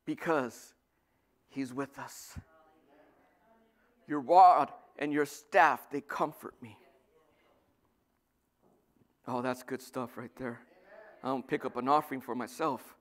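A male pastor preaching a sermon, lively, swinging from loud bursts to soft asides. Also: medium pitch, measured pace, pauses often.

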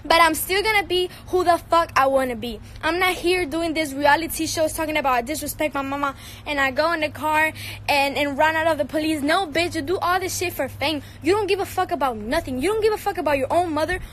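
A woman's voice: high-pitched, fairly quick, fairly bright tone, a little hiss or hum, rough recording. A teenage girl from Cuba with a Cuban Spanish accent, a Spanish speaker, ranting angrily and profanely on a livestream. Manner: angry, profane, confrontational. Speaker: singer and social media personality. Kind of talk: heated livestream rant.

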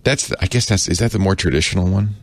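A man's voice: sits low, quick pace, no echo. A middle-aged man, co-hosting a podcast in a chatty, self-correcting way with laughing asides. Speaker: podcast co-host. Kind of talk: casual explaining chat.

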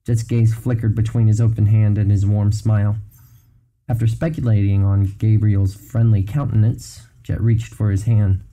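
Male narrator, very dark and mellow tone, low-ish pitch, measured novel reading. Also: flat delivery, poor audio. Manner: measured, storytelling.

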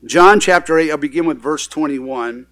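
Man preaching a sermon, a bit high. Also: normal speed, fairly bright tone. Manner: conversational, with fillers and restarts, firm in emphasis. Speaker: pastor. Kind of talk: sermon, Bible reading with commentary. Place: church sanctuary.

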